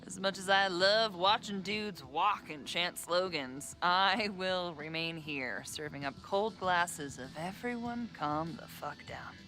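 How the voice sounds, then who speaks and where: A woman's voice: fairly low pitch, slow pace, few pauses, sharp tone, exaggerated voice. A woman voicing a weary, sardonic bar owner in a video game, speaking with dry humor.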